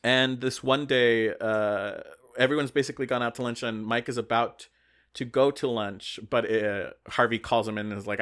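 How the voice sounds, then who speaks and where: A man's voice: mid-range voice, fairly even intonation, normal speed, a bit bright, clean tone. Rambling man retelling a story. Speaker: podcast co-host. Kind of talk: casual chat.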